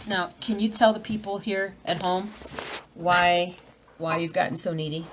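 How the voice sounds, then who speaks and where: A woman's voice: fairly low pitch, fairly even intonation, measured pace, noisy background. A woman chatting casually on a live stream at home, reading viewer comments aloud and breaking off to deal with her dogs. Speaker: cross-stitch vlogger.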